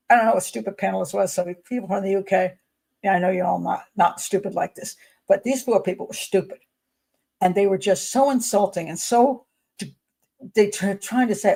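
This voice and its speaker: A woman criminal profiler hosts a casual livestream chat. Her gravelly voice sits at a middling pitch. She talks emphatically and wanders off on tangents as she thinks aloud. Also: a little mellow. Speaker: criminal profiler hosting a patron hangout.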